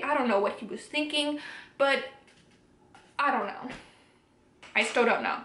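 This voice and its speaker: A woman's voice: high-pitched, measured pace, long pauses, sharp tone. A young woman vlogger candidly retelling a personal story to camera, acting out the dialogue as she goes. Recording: echoey room.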